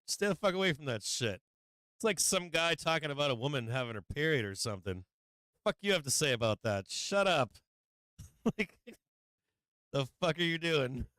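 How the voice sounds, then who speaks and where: A man's voice: on the high side, fairly bright tone, clean tone, dry recording. A man hosting a live stream, ranting casually with lots of swearing and frequent laughs. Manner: profane, laughing often, rambling.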